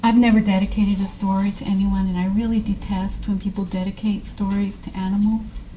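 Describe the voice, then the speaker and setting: Woman author at a reading, dry humor, bit halting, mellow voice. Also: medium pitch, level tone, slight background noise, rough recording. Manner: wry, slightly hesitant. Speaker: author reading her story. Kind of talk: live reading with wry asides.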